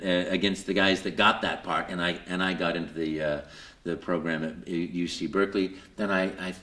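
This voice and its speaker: A man being interviewed at a convention, telling his story with lots of fillers and jumping into high put-on voices for quotes. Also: fairly bright tone, echoey room. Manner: lots of fillers and repeated words. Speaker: voice actor guest. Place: convention hall.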